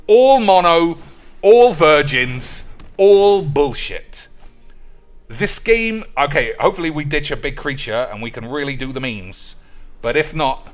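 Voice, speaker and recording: A man's voice: a little high, fairly bright tone. A man streaming a card game, ranting with sarcastic, profane commentary. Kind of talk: gameplay commentary.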